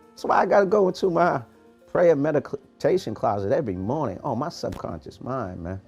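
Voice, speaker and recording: A man hosting a morning podcast, giving a preachy, animated motivational talk in street-casual phrasing. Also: medium pitch, fairly quick, husky, soft background music. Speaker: podcast host, motivational coach.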